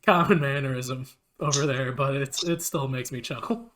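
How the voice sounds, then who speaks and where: A man's voice: medium pitch, normal speed, fairly bright tone. A man hosting a casual gaming podcast, telling rambling stories and laughing often. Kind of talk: casual chat.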